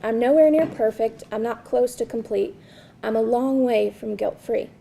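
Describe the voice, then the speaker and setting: A woman reading her own spoken word poetry at a release event, slow and earnest with a repeated refrain. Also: fairly high pitch, creaky, mellow, a little hiss or hum. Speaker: poet reading her work.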